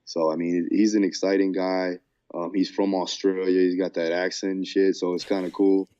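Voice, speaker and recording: Deep-voiced laid-back man, lo-fi sound. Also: little pitch movement, normal speed, warm tone. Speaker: podcast co-host and fight coach. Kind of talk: casual chat.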